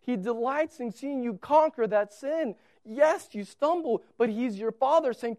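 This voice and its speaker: A man preaching a sermon as a pastor in a church, telling a story with animated, repetitive emphasis. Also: very high voice, measured pace, few pauses, dry recording, clean studio sound.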